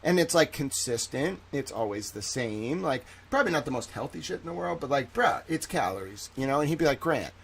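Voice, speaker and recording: A man's voice: medium pitch, lively intonation, fairly quick, vocal fry, hardly any pauses, a little hiss or hum. A man hosting a live stream, rambling in a profane, jokey, casual rant.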